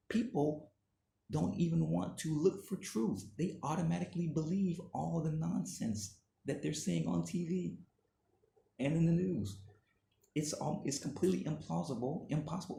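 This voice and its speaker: A man's voice: fairly high pitch, creaky, dark tone, roomy sound, slight background noise. A man delivering an indignant, emphatic opinion monologue that keeps repeating its points. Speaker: commentator.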